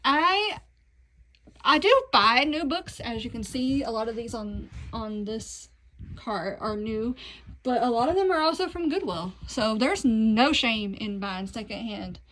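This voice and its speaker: A woman's voice: on the high side, expressive, a little slow, fairly bright tone, poor audio. A young woman with a Southern accent gives a casual, chatty tour of her books, talking to viewers with self-deprecating asides, filmed on a phone in her bedroom. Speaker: book vlogger. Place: bedroom at home. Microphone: phone camera.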